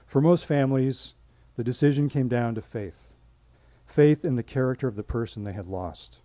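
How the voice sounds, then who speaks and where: A man performs a personal story live on stage, pacing it with measured, dramatic pauses. His voice is mellow and warm, and the sound is dry and close to the mic. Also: medium pitch, no echo.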